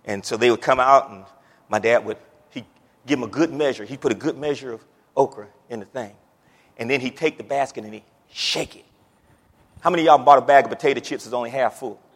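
A man preaching a sermon, moving from quiet scripture reading to loud, excited preaching, with folksy stories and repeated words. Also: mid-range voice, quick pace, big-room sound. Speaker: pastor.

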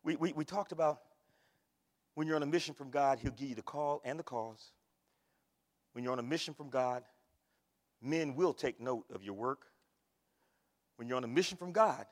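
A man preaching a sermon, telling a story and rising into shouted praise. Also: mid-range voice, moderate pace, pauses often, long reverb tail. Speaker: pastor. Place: church sanctuary.

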